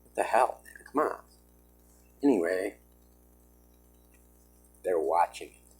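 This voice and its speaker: A man's voice: low-pitched, animated, takes it slowly, slightly rough, rough recording. A man talking to his own camera in an agitated, emphatic vlog monologue, often saying "man". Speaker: vlogger. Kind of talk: self-recorded vlog monologue.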